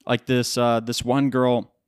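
A man's voice: mid-range voice, flat delivery, a little slow, clear, resonant tone, no echo, clean studio sound. A tired man hosting his own podcast, rambling loosely through casual chat and swearing now and then. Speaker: podcast host.

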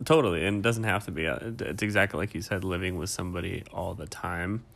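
A calm, laid-back man chatting casually with his wife on their podcast. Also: low-pitched, fast talker, gravelly. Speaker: podcast co-host. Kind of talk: casual couple chat.

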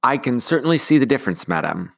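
A man's voice: mid-range voice, very animated, quick pace, vocal fry, a bit bright, voice pushed up, exaggerated voice. A man voicing a courteous, formal middle-aged Swiss postmaster in a storybook reading.

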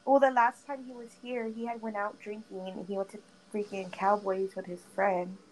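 A woman's voice: medium pitch, moderate pace, low-quality recording. A young woman telling a friend a dramatic story in casual chat, full of "like" fillers and swearing. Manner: animated gossiping, heavy "like" fillers, frequent swearing. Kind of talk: casual chat while gaming. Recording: faint background noise.

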